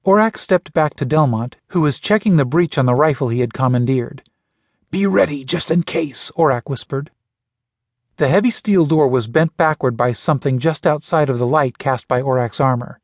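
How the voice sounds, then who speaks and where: A man narrating a science-fiction audiobook in a steady, even storytelling voice. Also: medium pitch, brisk, few pauses, no room sound, clean studio sound. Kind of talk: scripted narration.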